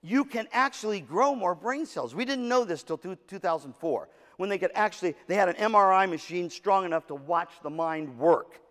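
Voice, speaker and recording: Brief: male motivational speaker, storytelling, acts out dialogue, fairly high voice, reverberant hall. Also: moderate pace, few pauses. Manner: animated storyteller, acts out quotes, jokes with audience. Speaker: keynote speaker at music educators' session.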